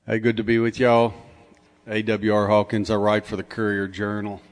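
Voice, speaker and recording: A man's voice: on the low side, steady tone, a little fast. A man speaking to a conference crowd in a punchy, joking, mocking way. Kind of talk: lively conference talk with audience call-and-response. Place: conference hall.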